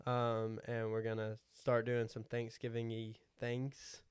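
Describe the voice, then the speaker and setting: A young man co-hosting a podcast, easygoing and halting with fillers. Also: mid-range voice, monotone, smooth, no echo. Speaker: podcast co-host. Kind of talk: casual chat.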